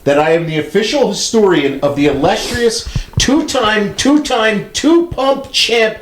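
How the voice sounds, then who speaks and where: A man co-hosting a podcast, excitable and profane, laughing often. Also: high voice, moderate pace. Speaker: podcast co-host. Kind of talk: casual podcast banter. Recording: echoey room with background noise.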